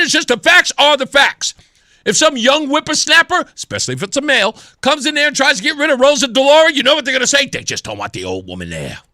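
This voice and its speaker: Speaking into a studio microphone in a radio studio, this thirty-something talk radio host delivers a sarcastic, opinionated monologue and imitates other voices. His pitch is very high, and his delivery sounds pushed and bright. The audio is dry and of studio quality.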